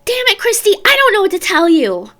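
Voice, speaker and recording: A woman's voice: wildly swooping pitch, a little fast, full character voice. Woman doing a snapping, fed-up mother. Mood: exasperated. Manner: loud, high, exasperated. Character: exasperated chain-smoking mother, snapping.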